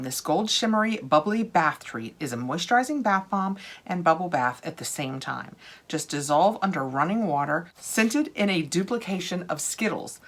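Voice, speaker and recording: An older woman talks through an unboxing in a relaxed, chatty way, gushing over each item. Her voice sits a little low in pitch. Now and then she drops to a soft whisper. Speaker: vlogger unboxing products. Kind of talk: casual unboxing chat.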